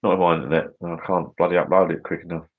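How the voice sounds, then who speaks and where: A man's voice: low-pitched, little pitch movement, racing. A middle-aged English man hosting a casual livestream from his garden bar, chatting and answering viewers in a rambling, matey way. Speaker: livestream host. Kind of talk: casual live chat reading viewer comments. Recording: dull lo-fi livestream audio.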